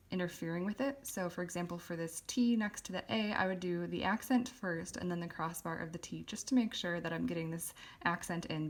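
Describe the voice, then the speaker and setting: A woman calmly teaching a calligraphy lesson, explaining step by step with occasional ums while she writes. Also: fairly low pitch. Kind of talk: instructional voice-over while writing.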